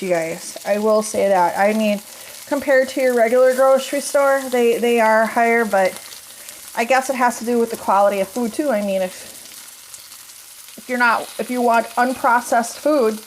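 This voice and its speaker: A woman's voice: a little high, moderate pace, slight background noise. Chatty woman cooking at her stove. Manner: chatty, folksy, talks while cooking. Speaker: cooking vlogger. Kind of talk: casual kitchen chat to camera. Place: home kitchen. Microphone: phone camera.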